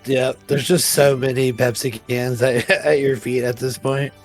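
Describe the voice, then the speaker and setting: A man's voice: mid-range voice, flat delivery, unhurried, soft background music. A man running a tabletop role-playing game as game master, describing scenes casually with dry humor.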